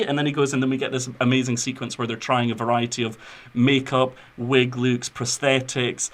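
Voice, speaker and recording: A man's voice: medium pitch, little pitch movement, moderate pace, fairly bright tone. A man hosting a podcast, gushing about films in a rambling, casual way with lots of fillers. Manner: effusive, rambling with fillers and restarts. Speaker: podcast host. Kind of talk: casual film discussion.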